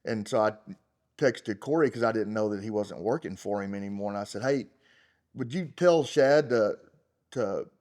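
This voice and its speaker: A middle-aged man, a champion rodeo roper, talking in an unfiltered interview. He is blunt and profane, rambles with fillers, and gets loud and heated. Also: fairly low pitch. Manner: rambling, full of fillers like "you know" and "like". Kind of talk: unfiltered casual interview talk.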